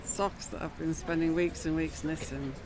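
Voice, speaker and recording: A woman chatting casually on a vlog, soft-spoken and good-humoured. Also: low voice, fairly even intonation, normal speed, crowd noise. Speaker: vlogger's companion. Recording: noisy home recording.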